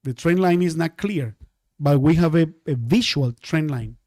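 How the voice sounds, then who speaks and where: Give me an excitable man with a high voice, recorded dry and close, teaching trading and repeating himself. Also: normal speed, no room sound. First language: Spanish. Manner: excitable, repeats phrases over and over. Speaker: trading instructor. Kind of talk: live trading lesson.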